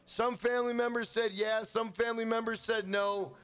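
A man's voice: extremely high pitch, fairly even intonation, moderate pace, smooth. A young man from Minnesota live streaming a game, chatting casually, swearing freely and hyping up his chat. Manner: hyped, profane, shouts out chat members.

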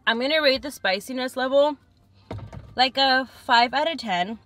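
A woman's voice: high-pitched, normal speed, a bit bright, soft background music. A young woman chatting frankly and thinking aloud as she tastes food in a casual eating vlog. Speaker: food vlogger.

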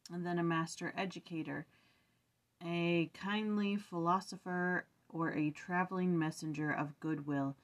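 A tired young woman with a fairly low voice reads scripture aloud at home. She drifts into chatty reflection, trips over words and corrects herself as she goes. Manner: chatty, tired, restarts and fillers while reading aloud. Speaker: scripture study vlogger. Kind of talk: casual scripture reading and reflection. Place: home room.

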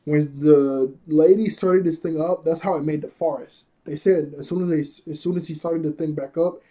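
A man's voice: fairly high pitch, fairly even intonation, normal speed, dark tone. A man casually recapping an anime episode, rambling, chuckling often and correcting himself as he goes.

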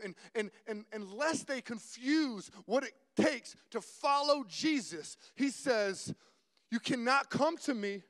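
A young man giving an animated sermon-style talk, often repeating words and dropping from loud to hushed. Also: extremely high pitch, in a large hall. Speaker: guest speaker.

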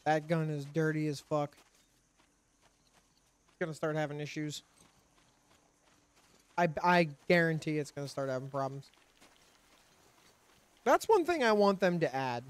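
A man's voice: a little high, animated, unhurried, pauses often, clear, resonant tone, dry recording. Profane, frustrated man doing gameplay commentary. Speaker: gaming channel host. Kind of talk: let's play commentary.

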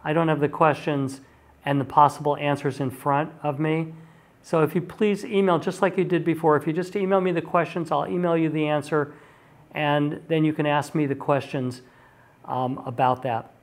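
A male university lecturer giving a recorded class talk in a chatty way, with frequent ums and restarted sentences. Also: fairly high pitch.

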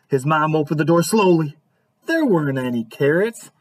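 A man reading a children's picture book aloud at story time, animated and asking his young listeners questions. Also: on the high side, measured pace, husky. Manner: animated, asks questions to listeners, lots of hums.

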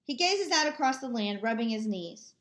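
A woman casually reading a novel aloud at home, steady with small slips and asides. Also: a little high, normal speed, roomy sound. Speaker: audiobook reader. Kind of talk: casual amateur audiobook reading. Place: home with family nearby.

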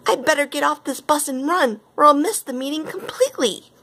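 A woman voicing a kind, cheerful young woman in a high, earnest voice while reading a storybook aloud. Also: big pitch swings, fairly quick, breathy edge, heavily acted. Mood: eager.

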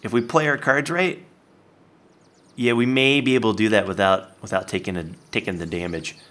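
A man giving playful, animated let's-play commentary, talking to the game and his viewers and jumping up to excited yelps. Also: normal speed. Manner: jumps to high excited yelps. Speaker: gaming YouTuber.

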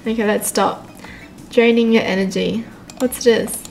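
A woman hosting a let's-play video, giggly and excitable, laughing often as she comments. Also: on the high side, a little slow, gravelly, faint music behind. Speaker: gaming video host.

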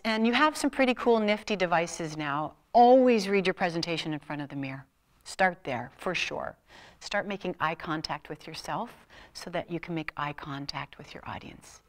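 A woman motivational speaker giving a live talk to an audience in a university lecture room, animated and playful, swinging her voice up and down. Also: brisk. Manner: animated, playful, big swings in pitch and loudness. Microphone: room mic on a filmed talk.

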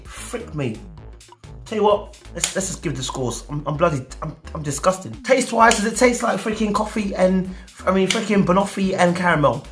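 A man's voice: high voice, lively intonation, normal speed, sharp tone, soft background music. A man reviewing snacks on his vlog, talking casually with slang and theatrical, exaggerated outrage. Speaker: food reviewer.

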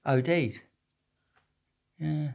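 A young man appears as a podcast guest in a casual storytelling interview, rambling through stories in slang with lots of swearing and restarts. His pitch is fairly high with fairly even intonation, and he draws out his words in a creaky, darkish voice.

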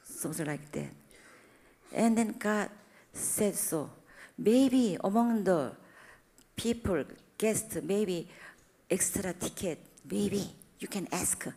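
A woman's voice: mid-range voice, animated, slow, warm tone, husky. A middle-aged woman with a Korean accent, a non-native speaker preaching in broken English, animatedly acting out the dialogue of her stories. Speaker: church speaker. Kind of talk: sermon with anecdotes.

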